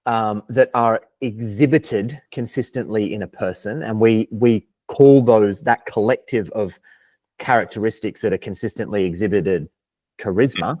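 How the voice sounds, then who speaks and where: A man's voice: on the low side, moderate pace, a little mellow. A young Australian man as a podcast guest, talking in a thoughtful, philosophical way, hedging and restarting his sentences. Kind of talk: casual interview chat.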